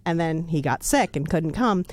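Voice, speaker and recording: A woman's voice: sits low, normal speed, no echo. A woman co-hosting a podcast, telling a long joke casually and with animation. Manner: animated storyteller. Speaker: podcast co-host.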